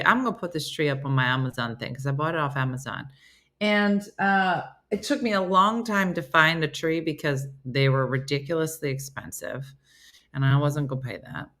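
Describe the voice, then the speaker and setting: A woman's voice: low-pitched, lively intonation, normal speed, pushed and bright. A woman hosting a casual live-stream chat, reading viewer comments aloud and answering them. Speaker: host.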